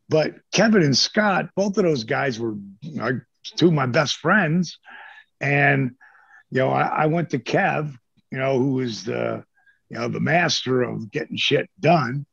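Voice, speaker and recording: A gravelly, husky older man tells stories in a loose interview, jumping into the voices of the people he quotes and cursing freely. The sound is dry and dull, with a lo-fi edge from a remote recording. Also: fairly high pitch, no room sound. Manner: animated storyteller, acts out quoted voices, swears casually. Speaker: interview guest, former pro wrestler. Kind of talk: casual storytelling interview.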